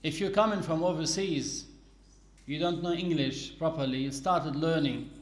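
A man giving a religious lesson, explaining rules deliberately with everyday examples. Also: fairly high pitch. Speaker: Islamic teacher. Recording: echoey room.

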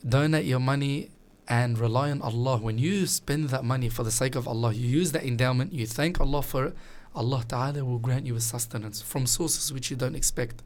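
Man, religious teacher, earnest, animated storytelling. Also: medium pitch, fairly quick, hardly any pauses. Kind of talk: casual religious chat.

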